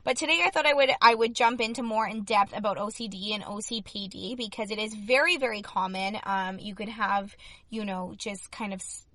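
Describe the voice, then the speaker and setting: A young adult woman hosting a podcast in chatty, upbeat talk, her voice slightly hoarse. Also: mid-range voice, fairly quick, pushed and bright, no echo. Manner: chatty and upbeat, many fillers. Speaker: podcast host. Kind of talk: casual solo podcast talk.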